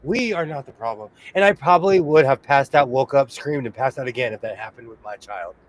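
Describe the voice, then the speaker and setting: A man's voice: mid-range voice, lively intonation, fairly quick. A man chatting casually as co-host, telling stories and laughing often. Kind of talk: casual chat.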